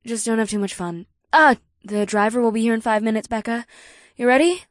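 A man voicing a practical young college woman, brisk and matter-of-fact. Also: very high-pitched, a bit bright, dry recording, studio quality, voice pushed up.

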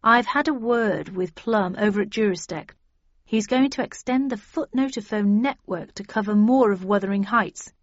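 A woman voicing a brisk, businesslike male agent. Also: mid-range voice, dry recording, close to an everyday voice. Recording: dull dry lo-fi audio.

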